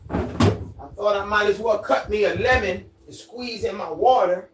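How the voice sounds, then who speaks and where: Relaxed livestream host chatting with viewers. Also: medium pitch, noisy background. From has lived on a Caribbean island for ten years. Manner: relaxed, unhurried, greets and reads out viewer comments. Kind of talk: casual livestream chat. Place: at home, indoors, near a fan.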